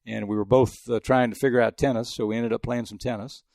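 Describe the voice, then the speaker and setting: Older guy from el paso, quick gravelly voice, dry close sound, rambling stories. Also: medium pitch, steady tone, a little mellow, no room sound. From El Paso, Texas. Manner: rambling anecdotes with frequent restarts. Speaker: guest sportswriter. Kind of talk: casual interview storytelling.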